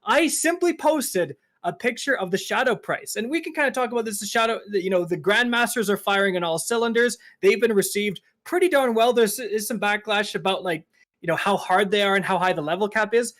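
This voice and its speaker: A man co-hosting a casual gaming podcast, telling a story in an animated, ranting way and swearing freely. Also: high voice, fairly quick. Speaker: podcast co-host.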